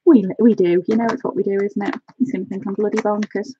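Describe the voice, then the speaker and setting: A woman chatting excitedly on a live stream, gushing and thanking her viewers by name. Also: medium pitch, fast, muffled recording, background noise. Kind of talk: casual live-stream chat.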